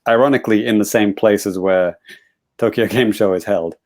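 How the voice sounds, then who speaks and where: A man hosting a gaming podcast in casual chat, laid-back, often letting sentences trail off quietly. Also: fairly low pitch, normal speed. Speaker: podcast host.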